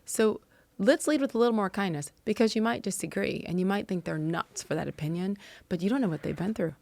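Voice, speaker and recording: A woman's voice: medium pitch, gravelly, a little mellow, dry recording. A middle-aged woman hosting an interview show, speaking earnestly and reflectively in a casual conversation. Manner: earnest, reflective, quick to agree. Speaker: podcast host.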